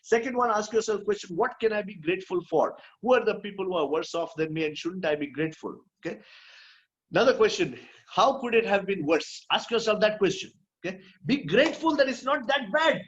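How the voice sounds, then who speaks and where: A man's voice: sits high, lively intonation, brisk, a bit bright, dull audio. A man giving a motivational talk at an online event. He is emphatic, repeats his key phrases and keeps checking in with "hmm?". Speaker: motivational speaker.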